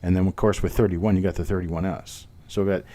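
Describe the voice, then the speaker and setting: A man runs a live online coin auction, calling out bids in a steady, rhythmic patter. His voice sits low and sounds warm and relaxed. Between lots he chats and jokes at his own expense. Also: fast. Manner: chatty, self-deprecating, rhythmic bid calling. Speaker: auctioneer host.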